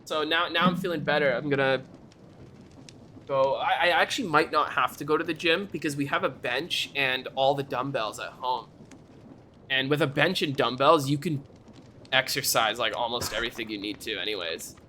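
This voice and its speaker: A young man chats casually on a live stream, ranting animatedly about online arguments and laughing often. His voice is bright and forceful. A faint noise sits behind him on the desk mic. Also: mid-range voice, moderate pace. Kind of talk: casual chat.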